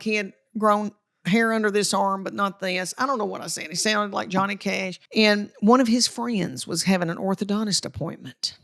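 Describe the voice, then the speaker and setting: A middle-aged woman from Tennessee with a Southern accent, a comedian telling folksy family stories as a podcast guest. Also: medium pitch. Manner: folksy, animated, acts out family quotes. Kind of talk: storytelling interview chat.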